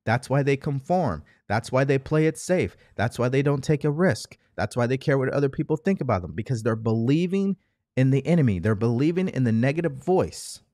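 Man, motivational speaker, emphatic, rhetorical, lively pitch, dry sound. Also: a little fast, no echo. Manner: emphatic, repetitive, rhetorical questions. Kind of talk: motivational monologue.

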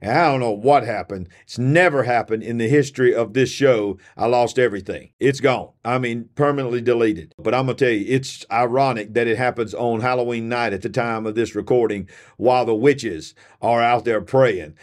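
A man's voice: mid-range voice, moderate pace, few pauses. A tired man hosting a spiritual podcast, preaching in a fiery, emphatic voice that circles back to repeat its points. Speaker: preacher and show host. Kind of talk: fiery sermon-style podcast.

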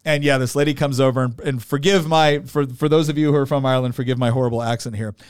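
A man's voice: medium pitch, fairly even intonation, fast, clear, resonant tone, no room sound, studio quality. An American man in his forties, chatting as podcast co-host and telling stories with lots of fillers. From United States. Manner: rambling storyteller, many fillers and restarts. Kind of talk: casual chat.

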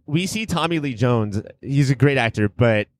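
A man's voice: medium pitch, animated, moderate pace, no room sound. Rambling man on a podcast. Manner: rambling, laughs while talking. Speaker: podcast co-host. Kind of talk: casual chat.

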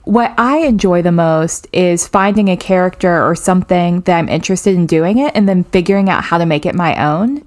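Thoughtful woman in a relaxed chat. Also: fairly low pitch, fairly quick, hardly any pauses. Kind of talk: casual chat.

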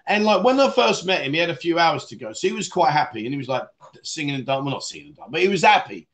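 Talkative male streamer, a bit high-pitched, laughs a lot, loose and rambling. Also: very animated, very fast, fairly bright tone. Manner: rambling, chatty, laughs often, calls viewers mate. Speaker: livestream host reading viewer comments. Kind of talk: casual livestream chat. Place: Pattaya, Thailand.

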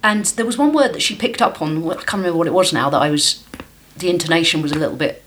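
A woman's voice: low voice, animated, fast, fairly bright tone, slight background noise. A woman puppeteer and voice actor chatting as a podcast guest, effusive and gushing. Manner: effusive and gushing, repeats her praise. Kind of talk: casual chat.

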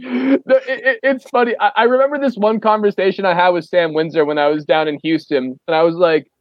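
A man co-hosting a rugby podcast, chatting loosely with plenty of fillers and quick laughs. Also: sits high, fairly even intonation, dry recording. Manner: rambling, lots of fillers, laughs easily. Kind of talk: casual sports podcast chat. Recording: dry and dull lo-fi.

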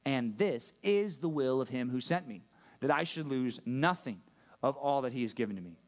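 A man's voice: mid-range voice, expressive, moderate pace. A man preaching a sermon as pastor, conversational and joking, asking the room questions. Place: church room with a live audience.

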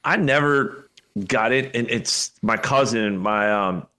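A man's voice: mid-range voice, slow pace, sharp tone. A man talking as a podcast guest, rambling in casual chat with lots of swearing and filler words.

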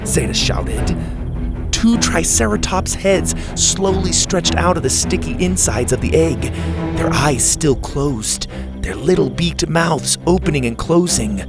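Lively, gravelly male storyteller. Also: a little high, measured pace, over loud music. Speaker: narrator. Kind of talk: children's story narration.

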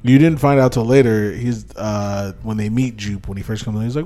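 A man casually chatting about a movie as a podcast co-host, playful and quick to laugh while he retells scenes. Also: mid-range voice, expressive, dark tone. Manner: laughs often, playful storytelling. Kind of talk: casual movie review chat.

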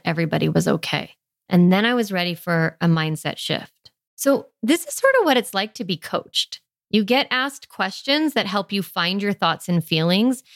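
A woman's voice: lowish voice, gravelly, no echo. Chatty woman podcast host, dry sound. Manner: warm, chatty, lots of "like" fillers. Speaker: parenting podcast host and coach. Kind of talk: podcast monologue.

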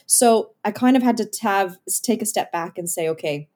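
A woman from Canada with a slight Irish tinge to her accent, a musician guest chatting in a bubbly, lively way. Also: mid-range voice, moderate pace. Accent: Canadian, partly Irish. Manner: bubbly, laughs often, chatty. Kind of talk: casual interview.

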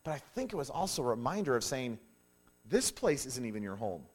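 A middle-aged man preaching a sermon, animated, with frequent restarts and "hey" asides as he explains scripture. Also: mid-range voice, a little fast. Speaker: pastor.

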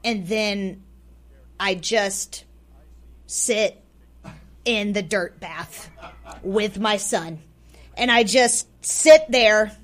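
A woman telling a personal story as a radio guest, swinging between loud and hushed, often repeating words for emphasis. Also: mid-range voice, extremely slow, pauses often. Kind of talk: personal story told aloud. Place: radio studio.

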